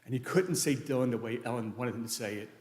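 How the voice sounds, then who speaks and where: A man's voice: mid-range voice, fast talker, darkish tone. A man giving a eulogy for his late wife at a funeral, telling rambling, anecdotal stories with many restarts. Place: large church sanctuary. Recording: echoey church hall.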